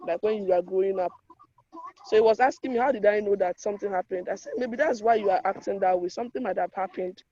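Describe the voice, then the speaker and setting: A woman's voice: medium pitch, mellow. A woman joining a discussion as an audience participant, telling a story in a chatty, loosely phrased way. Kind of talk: casual recounting. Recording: distant muffled online audio.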